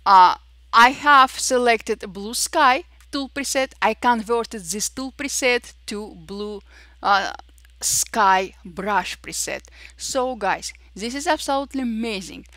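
A woman with a voice narrating a step-by-step software tutorial, pausing often with fillers. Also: mid-range voice, no room sound. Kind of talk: screen-recorded software tutorial.

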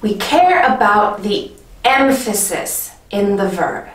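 A woman teaching an English grammar lesson in a clear, patient way, often checking in with the viewer. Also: medium pitch, big pitch swings, slow pace, echoey room, distant mic, rough recording.

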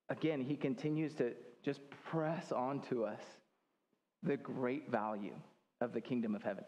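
A man's voice: fairly high pitch, normal speed, darkish tone. An American man preaching a sermon as pastor, talking conversationally with joking asides. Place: church hall. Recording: long hall reverb.

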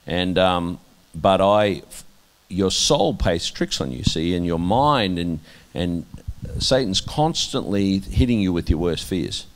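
An Australian minister, interviewed, gives candid and earnest testimony in a halting way, restarting often and sometimes letting his voice fall soft. His voice sits low, with lively intonation.

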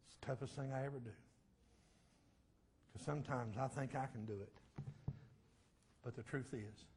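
A middle-aged man preaching a testimony sermon, fervent and swinging from shouts to a low hush. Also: fairly even intonation, moderate pace, a little hiss or hum.

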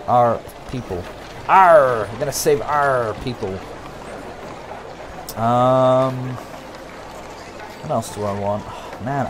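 A young man casually commenting on a strategy game as he plays, thinking aloud, humming and breaking into excited outbursts for viewers. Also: medium pitch, noisy background. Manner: talks to himself and viewers, hums, excitable outbursts. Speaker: gameplay commentator. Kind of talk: casual let's-play commentary.

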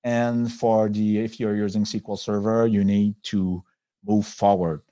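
A man with a French accent, a software company executive giving a webinar presentation, talking in a halting way with many pauses and restarts over a video call. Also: lowish voice, flat delivery.

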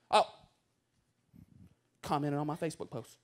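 High-voiced animated pastor. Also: male voice, moderate pace. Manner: animated, playful, acts out voices in stories. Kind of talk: sermon.

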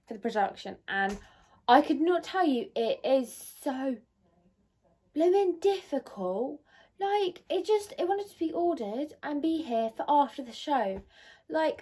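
A woman's voice: high-pitched, dark tone. A young woman in her bedroom, chatting to her phone camera in a rambling, bubbly way. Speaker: vlogger. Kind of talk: casual chat to camera. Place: bedroom at home. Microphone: phone on a ring light.

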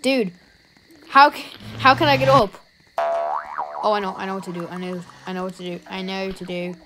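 A woman with an Irish accent giving let's-play commentary as a YouTuber, talking to herself and reacting with jumpy, excited outbursts. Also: mid-range voice, fairly quick, noisy background. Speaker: YouTuber playing a game.

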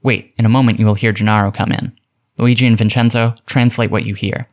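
A man reading aloud and voicing a confident male criminologist who gives crisp, commanding orders. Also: on the low side, level tone, brisk, a little mellow, natural voice. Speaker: detective giving orders.

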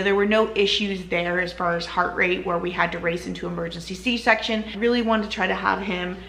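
A woman's voice: medium pitch, gravelly, fairly bright tone, roomy sound, a little hiss or hum. A woman vlogger casually telling her own story to camera, chatty and full of "like" and "you know".

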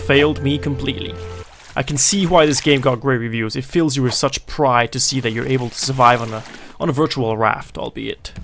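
A man commentating a survival video game. He jokes often and yells when things go wrong. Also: medium pitch. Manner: excitable, jokey, yells at the game. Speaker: gaming video host. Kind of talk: let's play commentary.

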